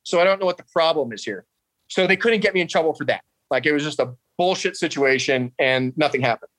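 A man's voice: a little high, lively intonation, quick pace, fairly bright tone, no room sound. Sarcastic, profane man from New Jersey. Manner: sarcastic, profane, acts out dialogue. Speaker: podcast guest. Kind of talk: casual storytelling.

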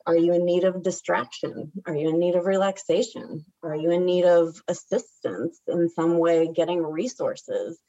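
A woman co-hosting a podcast, speaking gently and asking soft, supportive questions. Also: lowish voice, normal speed, hardly any pauses, dry recording. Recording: dull, dry sound.

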